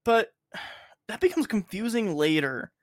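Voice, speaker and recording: A man's voice: sits high, very animated, measured pace, no echo, clean studio sound. A man hosting a podcast in casual chat. He rambles and swears, with lots of filler words. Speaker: podcast host.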